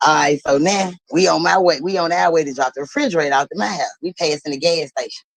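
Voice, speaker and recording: A woman hosting a livestream, telling a story in an animated, blunt and profane way and laughing as she talks. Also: low voice, fast talker, no room sound, rough recording. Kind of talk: casual storytelling.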